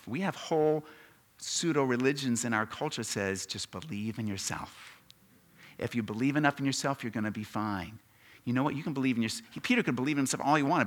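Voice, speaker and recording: A man preaching a sermon, asking his congregation questions and swinging from quiet asides to loud, emphatic lines. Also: mid-range voice. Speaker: pastor.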